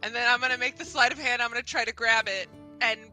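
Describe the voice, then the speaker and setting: Woman player, excitable and giggly, slightly high, bright tone. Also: fast, soft background music. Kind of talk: tabletop game chat.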